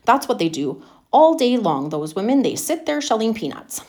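A woman's voice: fairly high pitch, very animated, normal speed, darkish tone, pitched above the performer's own voice. A woman voicing a boastful middle-aged factory owner who spoils his daughter, talking in a chatty, bragging way.

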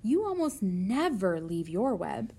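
A woman's voice: medium pitch, very animated, slow, mellow, breathy edge, exaggerated voice. A woman voicing a young, anxious male pig who pleads and worries. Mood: pleading.

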